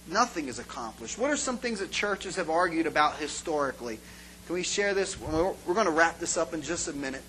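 A high-pitched man preaches an informal sermon, telling stories to his congregation and acting out the scenes with animation. The audio is poor, with slight background noise.

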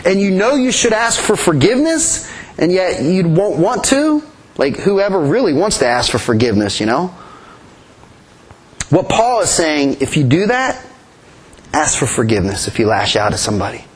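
A man's voice: fairly high pitch, sing-song, normal speed, slightly rough, low-quality recording. A man preaching a sermon in an earnest way, often repeating his key phrases. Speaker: pastor.

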